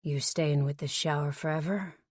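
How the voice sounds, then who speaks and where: A woman narrator voicing a protective, teasing grown man in an audiobook, speaking low and quietly insistent. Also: steady tone, normal speed, slightly rough, no echo, studio quality.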